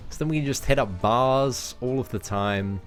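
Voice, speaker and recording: A man's voice: mid-range voice, moderate pace, soft background music. A young English man streaming a mobile game, chatting casually and answering viewers' questions. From England. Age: young adult. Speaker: game streamer reading chat. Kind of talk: casual livestream chat.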